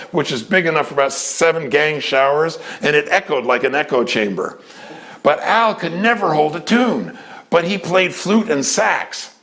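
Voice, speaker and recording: Animated older man telling stories. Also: a little high. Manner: animated, acts out voices in quotes. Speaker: storyteller. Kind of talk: casual storytelling talk.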